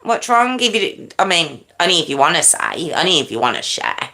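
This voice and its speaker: Woman, livestream host, casual chat, animated pitch, bright tone, apologetic, whispers now and then. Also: normal speed. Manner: chatty, apologetic, drops into whispers. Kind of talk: casual live chat with viewers.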